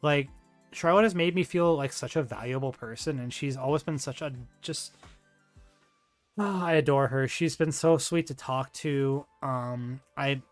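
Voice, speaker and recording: A man's voice: mid-range voice, measured pace, faint music behind. A man chatting casually on a livestream, rambling and gushing, with lots of fillers, restarts and slang like "dude". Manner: slangy, says dude and bro. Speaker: streamer.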